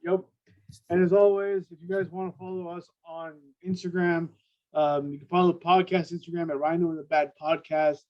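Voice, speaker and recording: A man with a fairly high voice co-hosting a casual sports podcast, heard through a dull, muffled lo-fi mic. He speaks hesitantly, restarting sentences and chiming in with brief agreements. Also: flat delivery, normal speed. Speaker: podcast co-host.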